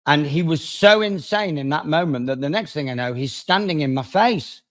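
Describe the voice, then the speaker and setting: A man, a lawyer appearing as a guest, telling a story in conversation with dramatic swings between loud and quiet. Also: a little high, normal speed. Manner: animated, dramatic swings in loudness.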